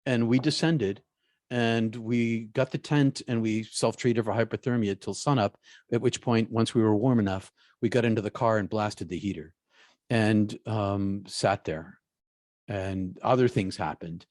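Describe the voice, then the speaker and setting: A man, a guest in an interview, telling a personal story in a halting way, often repeating his words. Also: on the low side, fairly even intonation, a little mellow, dry recording, studio quality.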